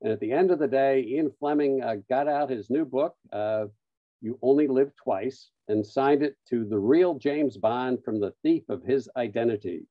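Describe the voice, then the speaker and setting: Man, webinar presenter, anecdotal storytelling, many filler pauses, dull lo-fi sound, dry close audio. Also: medium pitch, no room sound. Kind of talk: storytelling talk.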